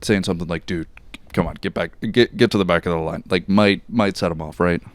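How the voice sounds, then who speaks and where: A man's voice: low-pitched, a little fast, dry recording. A young man co-hosting a podcast, telling a story in casual chat, rambling with many fillers and swears. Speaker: podcast co-host.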